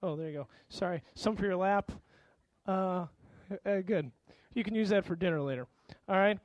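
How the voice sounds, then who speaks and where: A man preaching a sermon as pastor, animated and acting out little exchanges of dialogue with changing voices. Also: sits high, normal speed, no room sound.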